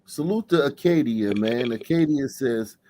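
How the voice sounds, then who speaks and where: A man's voice: medium pitch, unhurried. A man hosting a casual panel chat, acting out imagined dialogue. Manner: animated, acts out imagined dialogue. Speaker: host.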